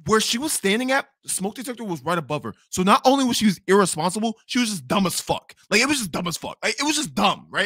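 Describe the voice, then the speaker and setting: Fast, animated young man ranting. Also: sits high, breathy edge, no echo, studio quality. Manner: animated, swearing, repeats himself when angry. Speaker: podcast host telling a story. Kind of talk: profane storytelling rant.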